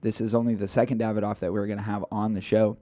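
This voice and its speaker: A man's voice: on the low side, little pitch movement, fast, warm tone, dry recording, clean studio sound. A man co-hosting a casual podcast, talking in a loose, rambling way with fillers. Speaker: podcast co-host.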